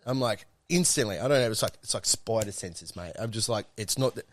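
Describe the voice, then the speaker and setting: A man's voice: lowish voice, brisk, no echo. A young Australian man telling a rambling, swear-filled story in a casual chat.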